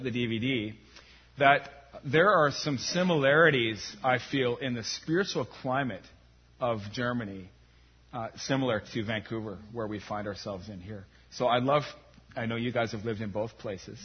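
Male church host, husky tone, casual joking manner, muffled lo-fi sound. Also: medium pitch, moderate pace. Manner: casual, joking, many fillers. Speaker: interviewer at a church service. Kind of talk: live interview hosting. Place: church in metro Vancouver. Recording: dull lo-fi sound.

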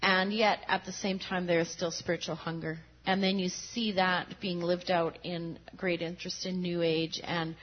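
A woman who is a missionary guest, answering thoughtfully in a measured way with some fillers. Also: on the low side, slightly rough. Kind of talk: interview answers. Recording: dull lo-fi sound.

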